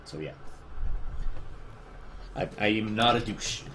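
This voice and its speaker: Rambling low-voiced man with a Spanish accent. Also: takes it slowly, a bit bright, slight background noise. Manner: rambling, self-deprecating, reads chat aloud. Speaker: livestreaming artist. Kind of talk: casual livestream chat.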